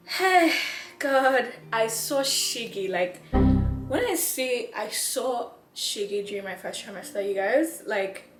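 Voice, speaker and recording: Speaking slowly in a mid-range voice with lively intonation, a young vlogger from Nigeria talks breathlessly and casually to her viewers, laughing and saying things twice. Soft background music plays, and the room echoes.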